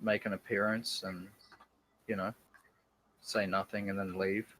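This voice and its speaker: A man's voice: fairly low pitch, level tone, a little slow, bright, forceful tone, slight background noise. A man co-hosting a livestream, speaking casually and hesitantly with frequent fillers.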